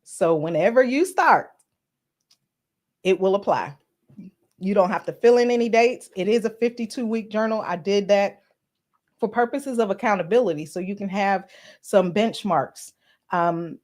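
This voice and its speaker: Speaking in a darkish, mid-range voice, a woman hosting a podcast chats on a live stream. She's casual and earnest, names commenters as she greets them, and uses a few filler words.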